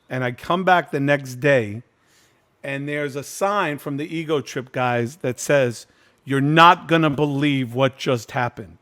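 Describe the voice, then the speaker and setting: A man in his fifties hosts a casual reunion over a video call, telling a long behind-the-scenes story in a frank, profane way. He acts out other people's lines as he goes, and his voice sits at an ordinary middle pitch. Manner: candid, profane, animated storyteller acting out quotes. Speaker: host.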